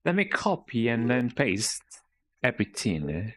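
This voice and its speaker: A man's voice: mid-range voice, wildly swooping pitch, unhurried. Rambling, jokey streamer man. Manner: rambling, jokey, with tag-question "eh?". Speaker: game streamer. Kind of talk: casual live-stream commentary while playing. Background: game music.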